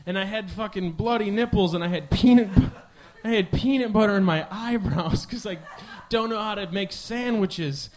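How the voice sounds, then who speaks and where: A man's voice: high-pitched, normal speed. A man in his twenties from the American Midwest, hosting a podcast with a rambling, profane, self-mocking comedic monologue. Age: 20s. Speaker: podcast host.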